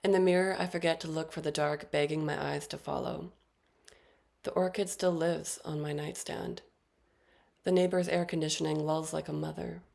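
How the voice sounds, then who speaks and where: A woman in her thirties giving a poetry reading, with short spoken introductions between poems and a measured, deliberate delivery. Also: low voice, fairly even intonation, creaky, darkish tone. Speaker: featured poet.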